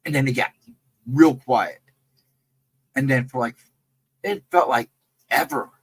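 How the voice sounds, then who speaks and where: Husky and unhurried, a man with a mid-range voice loosely recounts a ghost story from a camping trip as a guest storyteller on a live stream. He repeats himself, peppering the tale with "I mean" and "you know," over a low-quality recording.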